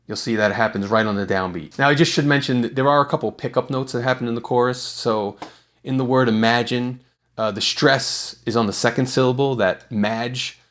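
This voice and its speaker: A man explaining songwriting in a casual video tutorial, talking in a relaxed way with lots of small fillers and restarts. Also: mid-range voice, brisk. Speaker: songwriting teacher.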